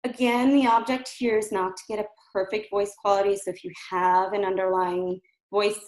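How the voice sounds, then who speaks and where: Woman coaching gentle hums, roomy sound. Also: mid-range voice, normal speed. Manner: calm, patient, demonstrates hums and chants. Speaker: voice therapist. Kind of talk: instructional voice exercise lesson. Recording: roomy echo.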